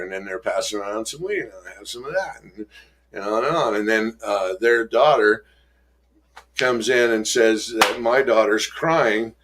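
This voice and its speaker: Emotional middle-aged man telling his story. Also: a bit bright. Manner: halting and emotional, many restarts and trailing pauses; acts out quoted voices in a raised pitch. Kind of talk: personal storytelling.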